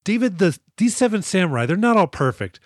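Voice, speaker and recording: A man co-hosting a podcast in casual chat, animated and profane, acting out characters as he retells scenes. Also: sits high, a little fast, dry recording, clean studio sound. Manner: animated, swears a lot, acts out characters in quoted lines. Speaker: podcast co-host.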